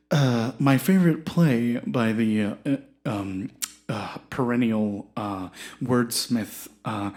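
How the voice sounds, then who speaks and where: A performer voicing a pompous, self-important Shakespearean actor who talks in a hushed, breathy, halting way in a comedy podcast sketch. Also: medium pitch, voice pushed down. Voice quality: hushed and breathy, drifting into a whisper. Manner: pompous, grandiose, hesitant with many ums.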